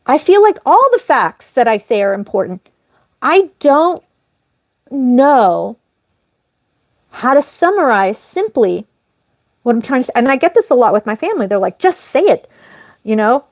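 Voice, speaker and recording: A woman hosting a casual live stream, talking in a rambling, apologetic way and jumping up in pitch when she stresses a point. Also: moderate pace, pauses often, no room sound, clean studio sound. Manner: animated, jumps up in pitch on emphasis. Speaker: livestream host.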